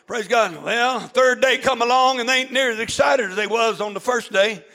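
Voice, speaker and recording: A male pastor, preaching a fervent shouted sermon to his congregation, peppered with "amen" and "uh". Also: very high voice, moderate pace, rough recording. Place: church with congregation.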